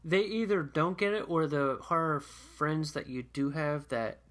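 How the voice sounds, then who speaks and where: A man co-hosting a horror movie podcast, chatting casually and trailing off into quiet asides. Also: a little high, measured pace. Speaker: podcast co-host. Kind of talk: casual chat.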